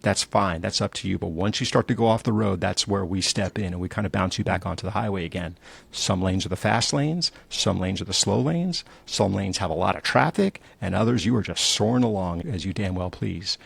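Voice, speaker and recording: Gravelly middle-aged male storyteller. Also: deep voice, brisk, no echo. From New Jersey. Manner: animated storyteller, acts out quotes. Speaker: entrepreneur guest. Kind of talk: candid conversational storytelling.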